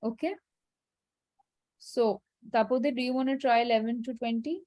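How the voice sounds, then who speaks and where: A woman teaching French numbers in an online class, repeating each word slowly and carefully. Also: a little high, steady tone, mellow. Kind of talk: online language lesson. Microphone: video call.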